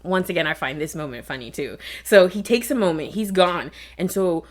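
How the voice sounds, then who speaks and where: A woman's voice: on the low side, normal speed. Amused woman podcast co-host. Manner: amused, storytelling, frequent agreeing. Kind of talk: casual Bible discussion.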